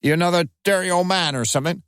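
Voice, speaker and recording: A man's voice: high voice, fast talker, a bit bright, smooth, no echo, studio quality, pitched above the performer's own voice. A man doing a brash, common-sounding young woman. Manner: common-sounding, defensive, cheeky. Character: brash coarse working-class young woman on the phone.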